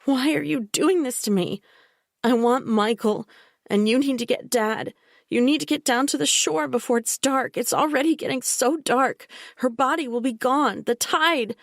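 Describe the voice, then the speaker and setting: A woman's voice: high-pitched, moderate pace, dry recording, clean studio sound, pitched above the performer's own voice. A woman reading an audiobook, voicing a distraught young pregnant woman who pleads desperately. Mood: frantic pleading.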